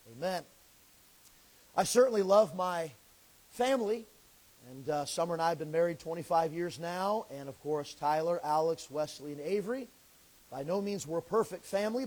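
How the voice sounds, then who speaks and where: A man preaches a sermon. His voice is pitched high and sounds a little crackly and scraggly. His manner is earnest and folksy. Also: a little mellow. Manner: earnest, folksy, pauses to clear throat. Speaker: pastor.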